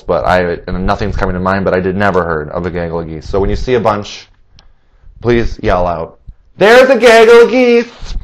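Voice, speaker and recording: A man hosting a solo podcast, a little nasal, chatty and rambling, laughing at his own jokes. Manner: acts out quoted voices in a higher pitch. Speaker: podcast host.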